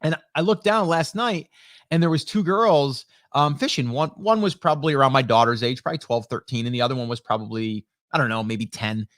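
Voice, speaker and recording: A man's voice: medium pitch, a little fast, a bit bright, dry recording, clean studio sound. A middle-aged man hosting a live stream, chatting casually with lots of fillers and restarts, now and then reading viewer comments aloud. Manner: rambling, many fillers and restarts. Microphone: studio dynamic microphone.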